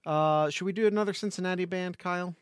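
A man co-hosting a casual sports podcast, talking in a rambling, joking way full of restarts. His voice sits a little high. It is recorded close and dry, with no room sound. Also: fast, clear, resonant tone, no echo. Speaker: podcast co-host. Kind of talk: casual chat.

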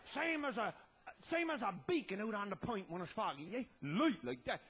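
A man telling a tall tale as a comedy monologue, loud and laughing, often breaking into shouts. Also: sits high, very animated, normal speed, slightly rough. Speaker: comic storyteller.

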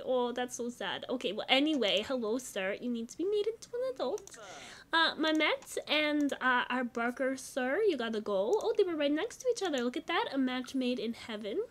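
A young woman talks through a life-sim game in relaxed running commentary, gushing over what she sees. Her voice sits high, and she often drops into soft murmured asides. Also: moderate pace. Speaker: gaming channel host.

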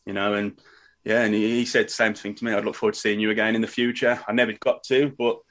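Talking fast in a lowish, level, slightly bright voice, a young English wrestler guests on a podcast. He's a friendly, chatty storyteller who keeps things casual and drops in "mate."

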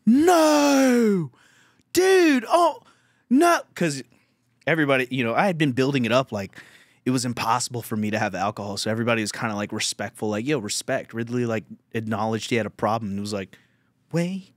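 A young man hosting a casual podcast chat, telling stories with lots of laughter and loud mimicry. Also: fairly low pitch, fast, no echo. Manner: animated storytelling, laughing, mimicking a friend in loud shouts. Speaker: podcast host and comedian.

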